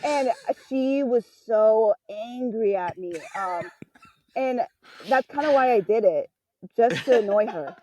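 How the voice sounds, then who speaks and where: A woman's voice: a little slow, dark tone, low-quality recording. A woman in her twenties, a guest comedian chatting casually on a podcast and telling candid stories, acting out the people she quotes. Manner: candid storyteller, acts out quoted people with pitch jumps.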